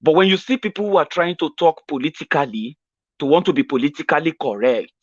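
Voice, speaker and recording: A man's voice: on the high side, lively intonation, quick pace, dry recording, dull audio. A man with a Nigerian accent, a political commentator talking in a casual monologue, acting out street exchanges in pidgin.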